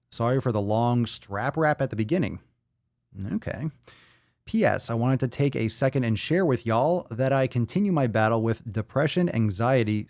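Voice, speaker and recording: A man's voice: mid-range voice, a little mellow, dry recording, studio quality. Profane, hyped-up male podcast host. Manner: loose and profane, swinging between hype and mumbling. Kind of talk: casual livestream chat reading viewer posts.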